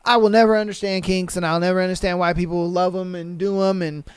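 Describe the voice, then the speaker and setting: A young man hosting a podcast, reading listener answers aloud and reacting with loose, profane slang and sudden loud outbursts. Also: high voice, fairly even intonation, quick pace, clear, resonant tone, dry recording. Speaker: podcast host.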